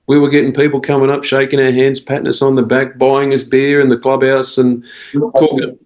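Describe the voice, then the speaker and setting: A man's voice: mid-range voice, monotone, fairly quick, darkish tone, poor audio. An Australian man, a cricket coach and podcast guest, telling stories in a rambling casual way with quoted dialogue. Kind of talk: casual storytelling interview.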